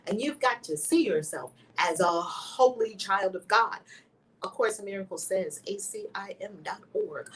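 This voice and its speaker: A woman hosting a spiritual channel, teaching with emphatic, preacher-like energy that swings between loud exclamations and hushed whispers. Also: mid-range voice, measured pace. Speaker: host of a spiritual video channel. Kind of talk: impassioned spiritual teaching to camera. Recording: somewhat distant mic with faint background noise.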